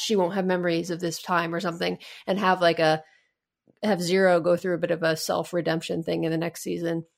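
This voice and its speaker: A woman co-hosting a casual podcast discussion, thinking aloud with frequent restarts and hedges. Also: fairly low pitch. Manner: thoughtful, hedging with many restarts. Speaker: podcast co-host.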